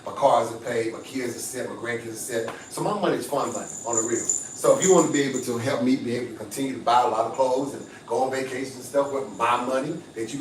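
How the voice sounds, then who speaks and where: A man's voice: on the high side, distant mic, a little hiss or hum. An older man hosting a casual livestream, boastful and hustling, with a preachy streak. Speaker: livestream host. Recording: echoey room, off-mic.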